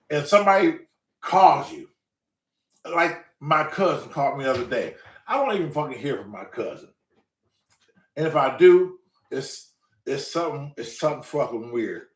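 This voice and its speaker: A man rants through a story in a loose, profane monologue, his voice jumping high and low as he works himself up. He sits a little back from the mic in an echoey room, and his pitch sits somewhat high for a man. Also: moderate pace, long pauses, recorded from a distance. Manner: profane, ranting, animated storyteller. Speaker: show host. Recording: roomy, away from the mic.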